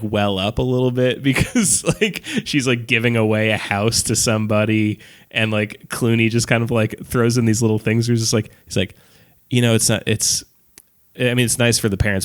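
With a fairly low but bright voice, a male podcast co-host who reviews films rambles through a story in casual chat. He says "like" and "um" a lot, swears offhandedly, and laughs along the way.

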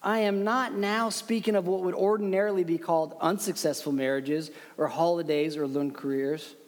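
A man preaching a sermon as pastor, earnest and emphatic with slow dramatic pauses. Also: a little high, fairly even intonation. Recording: long hall reverb.

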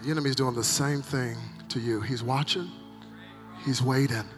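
A male pastor preaching a dramatic sermon at a conference, swinging between loud acted cries and hushed, intense passages. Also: medium pitch, steady tone, normal speed. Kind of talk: energetic sermon. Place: large conference hall. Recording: live sermon with hall reverb and faint music.

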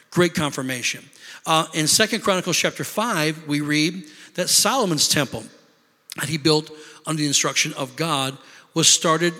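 A man with a fairly high, pushed, bright voice preaches a sermon as a pastor, calling for amens and asking the congregation to answer back. The call-and-response asides ring out with the long reverb of a large hall.

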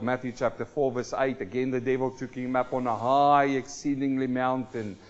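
A man preaching a sermon, swinging from hushed low asides to loud exclamations and asking the congregation for responses. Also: highs cut off. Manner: asks the congregation questions and calls for responses.

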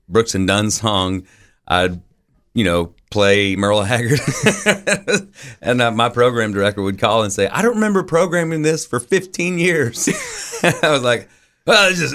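Radio guest: man, 30s, low voice, easygoing storyteller, lots of ums and laughs. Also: fairly bright tone, clean tone. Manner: laid-back storytelling, laughs often, many fillers. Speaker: country singer guest. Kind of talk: radio interview.

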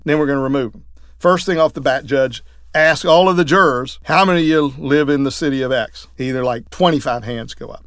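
A man, a trial lawyer, telling courtroom stories in a lively way, acting out what others said. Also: mid-range voice, no room sound, clean studio sound. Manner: lively, acts out quoted voices. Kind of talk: anecdotal storytelling talk.

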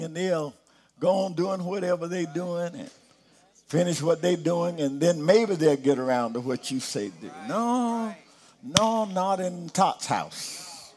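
A middle-aged man preaching a sermon, slow, dropping soft and low and then rising to emphatic peaks. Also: breathy edge.

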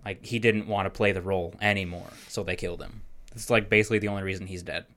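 A man hosting a podcast, telling rambling, animated stories in casual chat. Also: low voice, quick pace. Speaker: podcast host.

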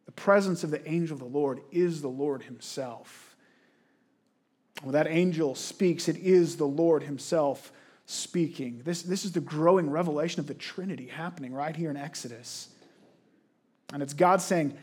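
A man's voice: on the high side, normal speed, a little mellow, slightly rough. A pastor preaching a conversational sermon, posing questions to his listeners and often restarting his words. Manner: frequent restarts and repeated words.

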